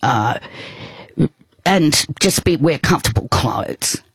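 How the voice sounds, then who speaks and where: A woman, putting on her excited female friend who is planning a surprise, in a husky, fast voice. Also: low-pitched, dry recording, heavily acted. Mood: eager.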